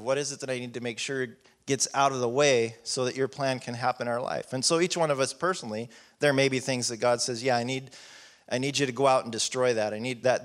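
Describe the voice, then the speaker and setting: A man preaching a sermon in a casual, conversational way, reading scripture and acting out prayers. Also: medium pitch.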